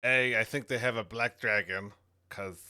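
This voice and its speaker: A man playing in a tabletop game, halting and searching for words. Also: mid-range voice, steady tone, sharp tone, smooth. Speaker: player. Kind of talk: casual game chat.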